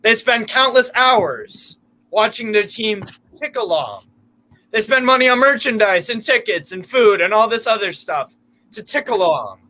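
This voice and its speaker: An American man with a high, bright voice chatting on a live football watchalong. He jokes loudly, swears often and rants with mock outrage. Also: very animated, unhurried. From United States. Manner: loud, profane, jokey. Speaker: co-host of fan watchalong. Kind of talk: casual live-stream chat.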